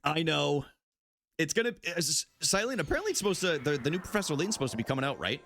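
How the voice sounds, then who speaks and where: A man's voice: a little high, very animated, quick pace, vocal fry, a bit bright, a little hiss or hum. A young man chatting casually with his live-stream chat while playing, swearing freely.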